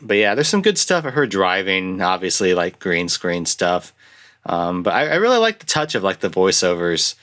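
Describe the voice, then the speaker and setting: A young man hosting a casual film review, rambling and restarting often, with lively jumps into quoted lines. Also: low voice, moderate pace. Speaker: podcast host reviewing films. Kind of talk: casual chat.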